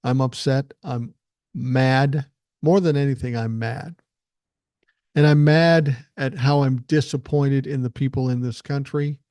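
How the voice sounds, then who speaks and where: In this solo political podcast monologue, an older male host speaks bluntly and with emphasis, cursing frequently. His mid-range voice is a little mellow, with fairly even intonation and a measured pace. The studio-quality audio has no room sound.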